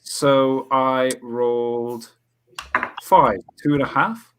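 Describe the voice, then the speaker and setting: A man plays a tabletop game over a video call, talking through each move in detail. He hesitates and restarts often, at an ordinary middle pitch. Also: steady tone, drawn-out words, fairly bright tone, slight background noise. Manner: explains his moves with hesitant restarts. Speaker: player.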